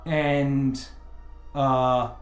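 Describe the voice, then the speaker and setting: A man narrating a tabletop game as game master, slow and hesitant with many fillers. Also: mid-range voice, flat delivery. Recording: roomy sound with faint music.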